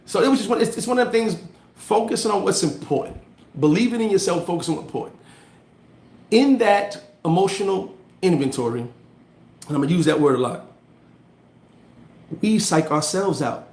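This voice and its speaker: A man's voice: high-pitched, fairly quick, long pauses, roomy sound. Slangy man livestreaming motivation. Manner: animated storytelling with street slang; reads and answers viewer comments. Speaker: livestream host giving motivational talk. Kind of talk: casual motivational live chat.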